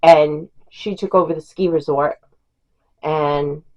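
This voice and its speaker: Chatty woman with a lowish voice. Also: fairly even intonation, slow pace, darkish tone, rough recording. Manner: chatty, rambling, with fillers and laughs. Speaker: book reviewer. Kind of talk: casual chat.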